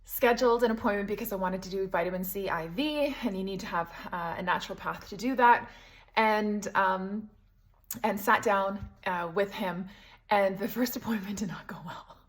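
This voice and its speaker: A young woman recounting events in a casual, animated monologue, brushing off details with "da, da, da". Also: medium pitch, moderate pace, rough recording. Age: young adult. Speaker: health vlogger.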